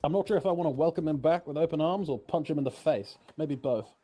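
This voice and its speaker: A man's voice: a little high, quick pace, mellow, soft background music. A man chatting in character during a role-play game, wry and musing.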